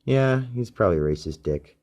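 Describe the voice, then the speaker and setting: A man's voice: deep voice, expressive, fairly quick, darkish tone. A man hosting a solo podcast, rambling and ranting with heavy swearing, recorded on a phone used as a microphone. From Canada. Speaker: podcast host.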